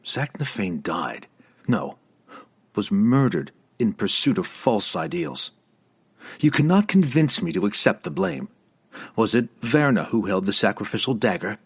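A man voicing a stoic, defiant male dark elf warrior who speaks calmly and sarcastically, in an audiobook. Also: on the low side, unhurried, slightly rough, exaggerated voice. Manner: calm, controlled, sarcastic.

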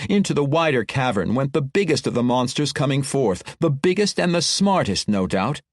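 A man narrating an epic fantasy audiobook in an expressive, dramatic reading. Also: medium pitch, no echo, studio quality. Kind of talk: scripted narration.

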